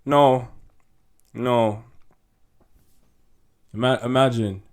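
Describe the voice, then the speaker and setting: A man's voice: mid-range voice, steady tone, drawn-out words, smooth. A young man, hosting a podcast as a casual, chatty monologue. He laughs often and peppers his talk with "yo" and "like". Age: young adult. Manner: laid-back, chatty, laughs often, says "yo" and "like". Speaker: podcast host.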